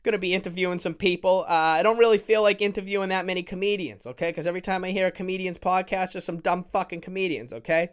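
A young man hosting a solo sports podcast from his bedroom, ranting with lots of swearing and sudden shouts. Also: high voice, steady tone, fast talker, few pauses, clear, resonant tone. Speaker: podcast host.

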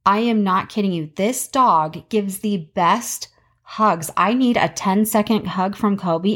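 Chatty woman hosting a podcast. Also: mid-range voice. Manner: chatty, candid, emphatic. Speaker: podcast host. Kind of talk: casual podcast monologue.

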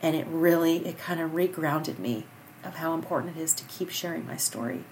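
A woman's voice: low-pitched, fairly quick, a little mellow, a little hiss or hum. A middle-aged woman hosting a podcast, talking earnestly and encouragingly in a rambling personal monologue. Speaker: podcast host.

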